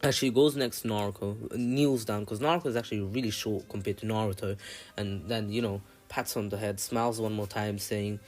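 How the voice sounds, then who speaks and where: Young guy w a low voice rambling thru a fan story, says you know a lot, swears some. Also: fairly even intonation, fairly quick, a little mellow, faint music behind. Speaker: channel narrator. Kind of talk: casual fan-fiction storytelling.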